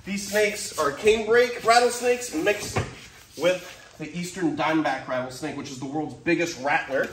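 A young man running a wildlife park, chatting casually to camera outdoors while feeding animals, excitable and quick to laugh, with loud sudden outbursts at the animals. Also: a little high, a little hiss or hum. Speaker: wildlife park owner and vlogger.

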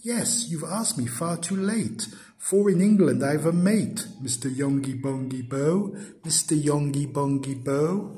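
A man voicing a tearful lady who gently turns down a suitor, in a raised, lilting, sing-song voice. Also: fairly high pitch, pitched above the performer's own voice. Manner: sing-song verse recital.

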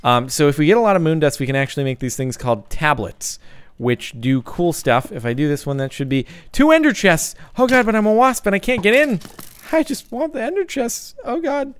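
A young man giving jokey, excitable let's-play commentary, breaking into yelps and sing-song chants. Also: on the high side, brisk, clean tone, no room sound. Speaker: gaming YouTuber.

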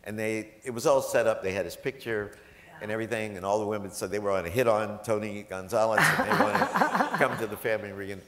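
A man's voice: on the low side, very animated, fast talker, very noisy. A man speaking as a guest at a gala, telling humorous stories to a live audience in a chatty, jokey way and quoting the people in them. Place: large event hall. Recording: echoey hall.

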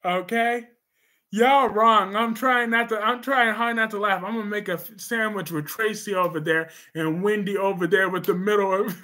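A man hosting a casual livestream, reacting to viewer comments with animated repetition. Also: sits high, moderate pace. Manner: animated, repeats phrases for emphasis. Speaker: livestream host reading comments.

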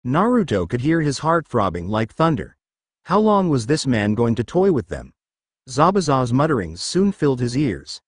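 A man's voice: mid-range voice, sing-song, normal speed, no echo, clean studio sound. A man narrating a fan story in a dramatic, scripted reading.

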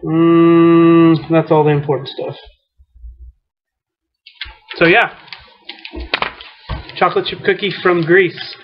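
A man, a softball coach, hosting a relaxed interview and joking around while eating. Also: fairly high pitch, takes it slowly, long pauses. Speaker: softball coach, show host. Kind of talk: casual interview chat. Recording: muffled lo-fi recording.

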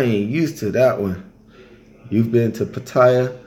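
A man casually telling travel stories in a loose, colloquial way, now and then acting out other people in high voices. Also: a little slow, a little mellow. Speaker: travel storyteller. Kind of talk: casual storytelling.

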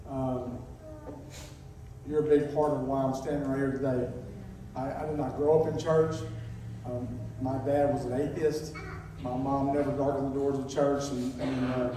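A sixty-year-old man, giving a halting personal testimony in church, near tears and full of pauses. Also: mid-range voice, level tone, noisy background. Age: 60s. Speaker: church member announcing a calling. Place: church sanctuary. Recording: echoey church, distant mic.

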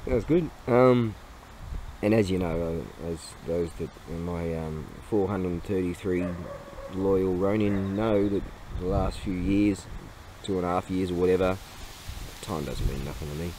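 A man's voice: low voice, a little slow, dark tone, a little hiss or hum, poor audio. A man vlogging in a casual, rambling way, with lots of fillers and frequent chuckles as he tells stories. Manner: laughing, rambling storyteller with many fillers.

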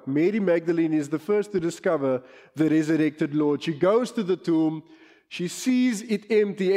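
Pastor, middle-aged South African man, higher voice, emphatic rising-and-falling preaching, church reverb. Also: a little mellow. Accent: South African English. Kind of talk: sermon.

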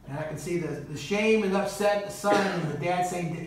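A man's voice: high voice, moderate pace. A man preaching a sermon as guest speaker, earnest and storytelling, acting out quoted voices. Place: church sanctuary. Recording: roomy church hall, distant mic.

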